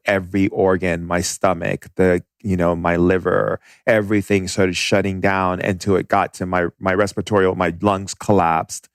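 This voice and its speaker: A man with a low, gravelly voice tells an intense personal story as a podcast guest. His telling is vivid and emotional. The recording is dry and close. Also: no echo.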